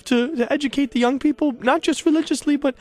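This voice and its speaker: A man voicing a prim, slightly smug American woman saint in a high falsetto. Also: fast, a little mellow. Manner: falsetto voice, proper and a bit prickly.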